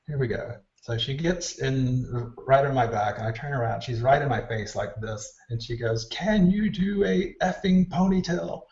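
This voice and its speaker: A man telling backstage stories in an interview, acting out the voices of people he quotes. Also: medium pitch. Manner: animated storyteller, acts out quoted dialogue. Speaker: hair stylist guest. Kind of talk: casual storytelling interview. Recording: distant roomy mic, dull lo-fi sound.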